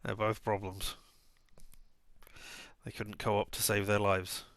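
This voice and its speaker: A man's voice: fairly low pitch, flat delivery, takes it slowly, a bit bright, dry recording. Rambling man streaming a game. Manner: rambling, self-mocking asides. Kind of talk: casual gameplay commentary.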